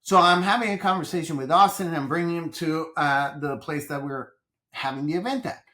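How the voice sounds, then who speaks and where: A man from Colombia, a business coach guest on a podcast interview, telling stories with animated energy and repeating his phrases. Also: on the high side, a little fast.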